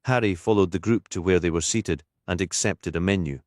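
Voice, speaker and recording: A man narrating a detective novel in a measured storytelling manner, as an audiobook. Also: low voice, a little mellow, dry recording, clean studio sound. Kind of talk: scripted narration.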